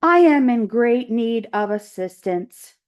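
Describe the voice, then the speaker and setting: A woman's voice: a little high, animated, slow, a little mellow, muffled recording. A woman teacher voicing a friendly female robot in a children's read-aloud, speaking politely and formally.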